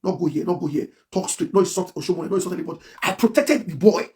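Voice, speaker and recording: A man's voice: high voice, rapid-fire, a little mellow. A man with a Nigerian Pidgin accent ranting on a livestream, emphatic and repetitive. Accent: Nigerian Pidgin English. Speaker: blogger. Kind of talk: livestream rant.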